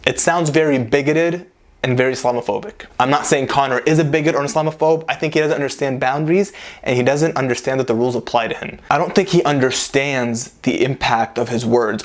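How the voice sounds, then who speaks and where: A man in a mid-range voice hosts a commentary vlog. He talks in a joking, animated way and drops chuckling asides. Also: mid-range voice. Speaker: vlog host.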